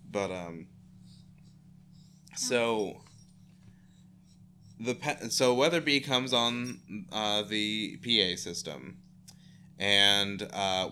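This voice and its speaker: A podcast co-host with a fairly low, bright, forceful voice recaps a TV show in casual chat. He laughs often and plays around, putting on silly voices for the dog. There's slight background noise.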